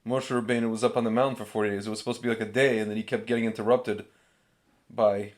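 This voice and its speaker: A man co-hosting a podcast in casual chat, agreeable and quick with a joke. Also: on the low side, flat delivery. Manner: joking, agreeable backchannel. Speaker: podcast co-host.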